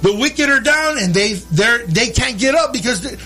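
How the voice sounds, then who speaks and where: A man preaching a sermon in English and Spanish, calling his listeners brother and rising into shouted, sing-song cadences. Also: very high voice, animated, normal speed, husky, faint music behind. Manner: preaching, switching between English and Spanish, calling out "hermano" and "amen". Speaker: pastor. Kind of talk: bilingual sermon.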